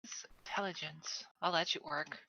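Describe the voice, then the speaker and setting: A woman playing in a tabletop game, thinking aloud in an unhurried way while rolling dice. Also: on the low side, fairly even intonation, gravelly, muffled recording, noisy background. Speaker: player.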